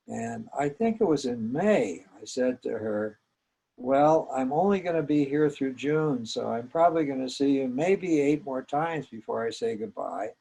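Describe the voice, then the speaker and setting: An older man, a psychologist, gently recounting a memory from his training, with small hesitations. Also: mid-range voice, vocal fry, breathy edge, poor audio. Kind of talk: personal storytelling.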